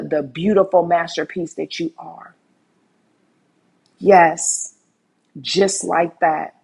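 A woman preaching an online sermon, fervent and repetitive, often dropping to soft hushed phrases. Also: on the low side, vocal fry, slightly rough. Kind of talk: online sermon with altar call.

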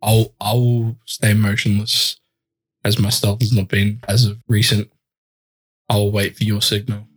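A man playing a tabletop game, talking in a halting, casual way. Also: fairly low pitch, flat delivery, breathy edge, rough recording. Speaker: player.

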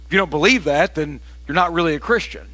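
A man preaching a sermon as pastor, casual and folksy, telling stories and breaking into fervent, shouted passages. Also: on the high side, fast talker, no room sound. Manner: animated storytelling, bursts into shouted preaching.

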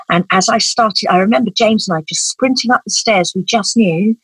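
A woman's voice: fairly low pitch, steady tone, a little fast, hardly any pauses, a bit bright, husky, no room sound, rough recording. A middle-aged woman, telling an emotional personal story as an interview guest in an earnest, vivid way. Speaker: guest, parent advocate.

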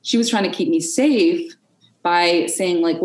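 A woman as a podcast guest in an unscripted conversation, candid and expressive, swearing freely and acting out her inner voices. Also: fairly low pitch, a little slow, echoey room, rough recording.

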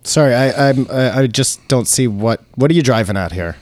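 A man co-hosting a casual podcast, asking measured questions. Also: medium pitch, animated, no room sound. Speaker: podcast co-host. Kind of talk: casual chat.

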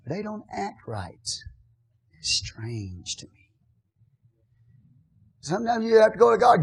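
A man preaching a sermon as pastor, swinging from hushed, conversational asides to loud, shouted declarations. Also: sits high, huge pitch swings, a little slow, vocal fry, long pauses, husky.

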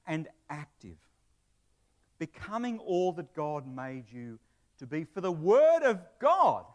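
A man preaching a sermon to his church in a conversational way, with asides and humor. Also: sits high. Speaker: pastor; broadcast presenter.

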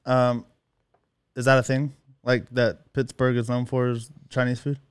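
A man's voice: mid-range voice, flat delivery, measured pace, clear, resonant tone, no echo. A man co-hosting a podcast in a studio, mostly adding short joking remarks and questions in a dry, teasing way. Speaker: podcast co-host. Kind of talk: casual chat.

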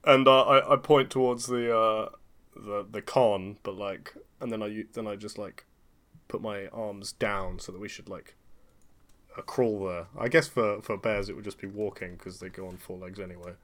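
A man's voice: on the low side, steady tone, normal speed, fairly bright tone. A man playing a tabletop game in casual, self-deprecating chat. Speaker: player.

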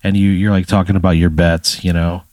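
A man co-hosting a comedy podcast, telling a drawn-out story, swearing freely and laughing along. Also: deep voice, little pitch movement, a little mellow, no echo, clean studio sound. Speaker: podcast co-host.

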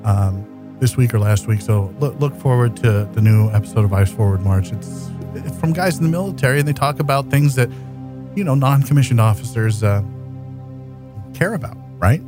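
A man's voice: mid-range voice, expressive, moderate pace, over music. Stammering, mock-glum male podcast co-host. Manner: stammering, mock self-pitying. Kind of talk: casual podcast chat.

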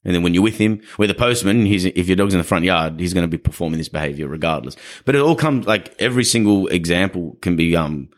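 This young adult man hosts a podcast as a dog trainer, explaining dog behavior casually and acting out the people he quotes. His voice sits low and sounds expressive, and he talks fast with few pauses.

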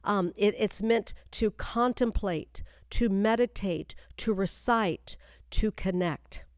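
A woman's voice: medium pitch, slow, no echo, studio quality. A woman speaking as a spiritual coach, teaching the Bible with emphatic repeated phrases and addressing listeners directly. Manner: addresses listeners directly, urging them to stay with her. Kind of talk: Bible teaching for a YouTube channel and podcast.

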